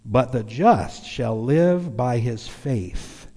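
A man voicing a folksy older male radio Bible teacher with a Southern accent, speaking slowly and emphatically with drawn-out words. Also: medium pitch, lively intonation, warm tone, in a large hall, exaggerated voice. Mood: emphatic.

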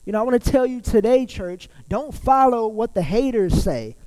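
A man preaching to his church in a relaxed, chatty sermon. His voice sits high for a man and has a soft, mellow tone. He keeps stopping to restart and uses plenty of fillers. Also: normal speed, low-quality recording. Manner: conversational, many fillers and restarts. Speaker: pastor.

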